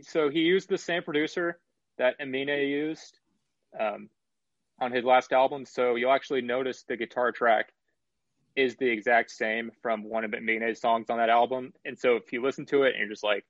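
A man hosting a casual album review chat, talking in an analytical and measured way with some swearing. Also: mid-range voice, steady tone, no room sound, highs cut off.

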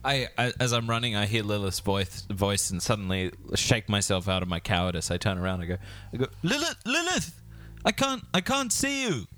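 A man's voice: on the low side, big pitch swings, brisk, sharp tone, faint music behind. A man voicing a timid, cowardly young adventurer who stammers anxiously in a raised voice.

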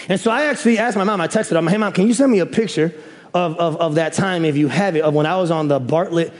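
A young man from the Chicago area preaching, telling stories in a joking, animated way with loud exclaims. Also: sits high. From Chicago area, USA. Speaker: pastor. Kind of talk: sermon with storytelling. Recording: reverberant hall.

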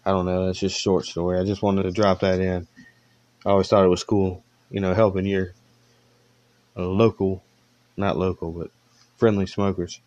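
A man's voice: low voice, little pitch movement, normal speed, pauses often, a little mellow, highs cut off. A man hosting a podcast from home, telling rambling stories in a laid-back way and laughing at them. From Virginia. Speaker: podcast host. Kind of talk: casual storytelling.

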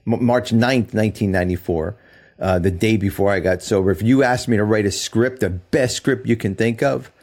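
A man's voice: fairly low pitch, normal speed, darkish tone. Earnest reflective man in his fifties. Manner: earnest, reflective, laughs often. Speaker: podcast co-host. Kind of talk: casual recovery podcast chat.

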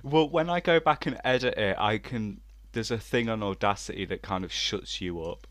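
A man hosting a podcast from home on his own microphone, laid-back and quick to laugh. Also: on the low side, fairly bright tone. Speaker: podcast host and editor. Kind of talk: casual chat. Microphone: own desk microphone.

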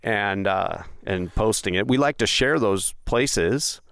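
A man with a very low, gravelly voice hosts a podcast in a casual, rambling way, full of ums and restarts. The sound is dry and close. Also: animated, takes it slowly, fairly bright tone, no room sound. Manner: rambling, with many fillers and restarts. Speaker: podcast host. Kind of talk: casual chat.

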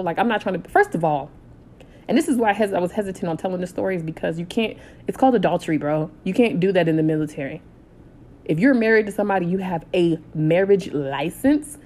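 Animated woman in her thirties telling a story. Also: on the low side, fast talker. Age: 30s. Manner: animated, blunt, swears freely. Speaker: storytime vlogger. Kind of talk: casual storytelling.

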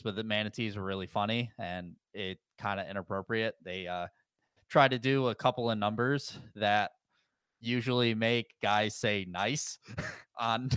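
A man's voice: lowish voice, smooth, dry recording. A man co-hosting a hockey podcast, telling vacation stories in a chatty, joking way. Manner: chatty storyteller, relaxed and joking. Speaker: podcast co-host. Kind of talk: casual chat.

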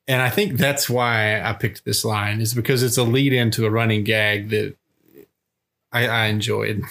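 A man's voice: on the low side, steady tone, measured pace, creaky, pauses often, a bit bright. A man co-hosting a casual movie review podcast, laughing often and quoting scenes with gusto. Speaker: podcast co-host.

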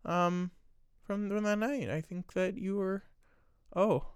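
A man's voice: high-pitched, slow pace, smooth, dry recording, clean studio sound. A man doing an improvised comedy bit, rambling and mock-serious with lots of filler words.

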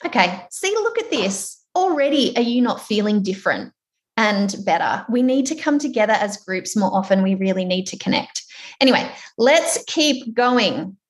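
A woman with an Australian accent presenting an online workshop over a video call, chatty, encouraging and animated. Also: medium pitch, normal speed.

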